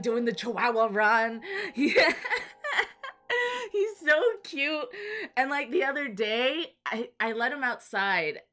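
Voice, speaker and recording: A woman streamer chatting casually with her viewers, rambling and apologizing often. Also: fairly high pitch. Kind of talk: casual live-stream chat. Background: soft background music.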